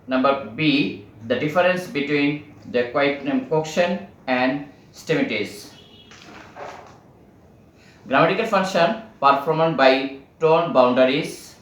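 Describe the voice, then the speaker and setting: Slow halting man reading a lecture. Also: on the high side, fairly bright tone, reverberant, far from the mic, poor audio. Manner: halting, many restarts and pauses.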